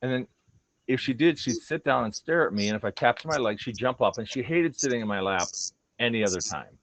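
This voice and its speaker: A man's voice: medium pitch, lively intonation, fairly quick, fairly bright tone, no room sound. A man telling personal stories about his dogs in a casual, earnest chat, acting out their thoughts in quoted voices. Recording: dull lo-fi recording.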